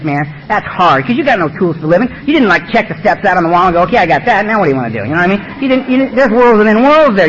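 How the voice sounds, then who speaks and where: Fast-talking, blunt, high-voiced man. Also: a bit bright, slight background noise. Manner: blunt, streetwise and emphatic. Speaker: recovery meeting speaker. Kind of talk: personal testimony talk. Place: meeting room. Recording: dull lo-fi recording.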